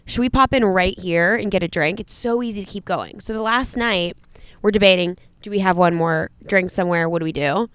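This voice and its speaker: Chatty woman in her thirties, smooth voice. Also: mid-range voice, brisk, a bit bright, dry recording. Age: 30s. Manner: chatty, laughs and cries easily. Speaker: podcast co-host. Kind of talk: casual chat.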